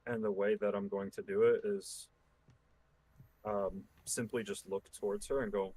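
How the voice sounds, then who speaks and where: A man speaking as a player in a tabletop game, hesitant and halting with ums. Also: low-pitched, flat delivery, darkish tone, husky, low-quality recording. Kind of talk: casual role-play talk.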